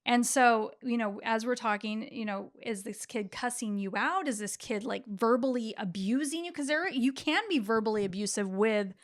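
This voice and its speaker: A woman's voice: a little high, normal speed, few pauses. A middle-aged woman, a therapist hosting a podcast, telling stories in a reflective, casual way with frequent restarts.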